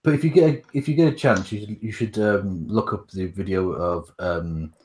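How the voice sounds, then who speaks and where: A man's voice: low voice, normal speed, darkish tone, slight background noise. A man co-hosting an online chat show, talking with gushing enthusiasm. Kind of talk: casual chat.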